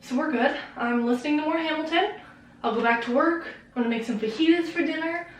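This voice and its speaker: A woman's voice: high-pitched, quick pace, a little hiss or hum. A young woman chatting casually through a makeup tutorial, rambling and laughing often. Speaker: beauty vlogger. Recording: roomy echo, mic at a distance.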